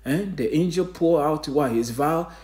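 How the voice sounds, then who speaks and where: A man's voice: on the high side, a little slow. Emphatic preacher man, echoey room. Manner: rhetorical questions, calls listeners family; emphatic, rises to loud exclamations. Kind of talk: online sermon reading news.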